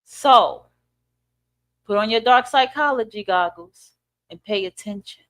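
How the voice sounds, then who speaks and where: A woman's voice: on the high side, a little slow. Profane, preachy woman podcast host. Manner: blunt, profane, preachy, with rhetorical questions. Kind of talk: ranting commentary monologue.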